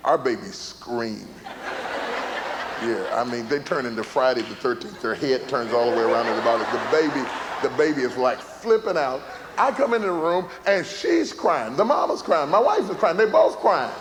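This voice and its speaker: A middle-aged man preaching a sermon as a pastor, repeating phrases for emphasis and building to shouts. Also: medium pitch, very animated, normal speed, a little hiss or hum. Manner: emphatic repetition, rising to shouts. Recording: large hall with live audience.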